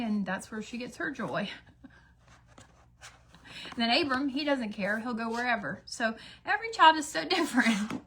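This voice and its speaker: Slight background noise surrounds a woman in her thirties whose mid-range voice is a bit bright. As a beauty vlogger doing a casual get-ready-with-me chat at home, she rambles with fillers and plays out pieces of dialogue.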